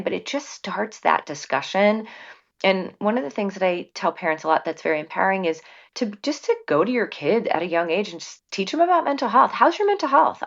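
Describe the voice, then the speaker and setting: A woman's voice: lowish voice, vocal fry, dull audio. A woman pediatrician in her forties gives parents advice in an earnest conversational way, with frequent fillers and restarts. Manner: warm, earnest explaining with many fillers.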